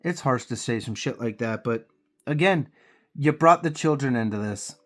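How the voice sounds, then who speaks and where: A man's voice: medium pitch, lively intonation, normal speed, a bit bright. A man with a cold, venting heatedly and profanely while he paints miniatures on his channel. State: congested with a cold.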